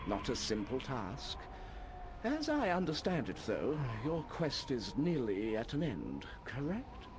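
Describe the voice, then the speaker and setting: A man voicing a grave old male wizard in a video game, solemn and lecturing in a measured way. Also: mid-range voice, wildly swooping pitch, background noise. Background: game music.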